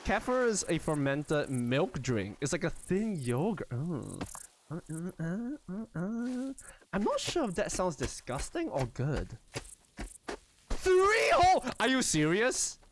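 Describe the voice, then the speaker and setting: Excitable young man streamer, very animated. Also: on the high side, measured pace, background noise. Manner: excitable and animated, laughs often, squeals; rambling with many restarts. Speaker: livestreamer. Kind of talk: casual live-stream chat.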